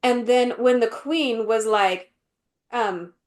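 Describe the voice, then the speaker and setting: A woman co-hosting a podcast in casual chat, animated and full of fillers, often acting out quotes. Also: fairly high pitch, slow pace. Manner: animated, acts out quotes in voices, many fillers. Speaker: podcast co-host.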